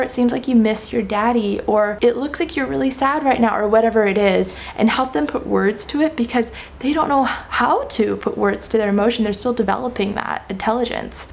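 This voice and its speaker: A woman's voice: a little high, creaky, a little mellow, a little hiss or hum. A young adult woman talking earnestly and reflectively in a casual vlog about parenting, with frequent "you know" and "like". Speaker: parenting vlogger.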